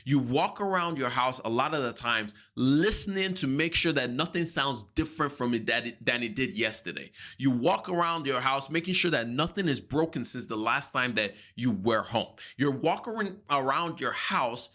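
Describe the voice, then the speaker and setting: Man, bright clear tone, animated storyteller, acts out his own reactions, earnest and devout, personal finance vlog. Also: mid-range voice, normal speed, hardly any pauses.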